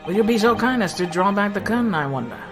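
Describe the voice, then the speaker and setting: A woman's voice: medium pitch, expressive, fast talker, over music, lightly acted. A woman reading a pompous Victorian detective. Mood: probing. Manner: grandiloquent, formal phrasing. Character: pompous male Victorian detective, grandly formal.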